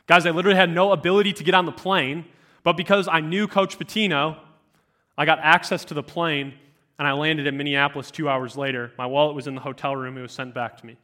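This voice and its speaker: A man's voice: on the high side, quick pace. Young man telling a youth sermon. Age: 20s. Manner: animated storytelling, many fillers. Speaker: youth speaker.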